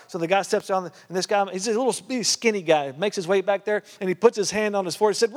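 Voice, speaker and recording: A man preaching a storytelling sermon in a conversational way, full of "uh" and "you know", and growing animated. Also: high-pitched, quick pace, few pauses. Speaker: pastor. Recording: reverberant hall sound.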